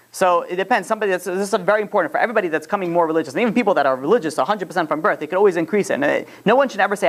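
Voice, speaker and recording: A man's voice: high-pitched, rapid-fire, fairly bright tone. A man teaching an informal religious lesson, rambling and often restarting his phrases.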